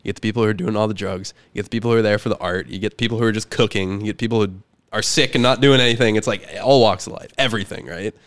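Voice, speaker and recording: A man's voice: fairly low pitch, steady tone, rapid-fire, clean tone. A young man in casual podcast chat, telling a story in a loose, rambling way full of fillers. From Canada. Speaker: podcast guest.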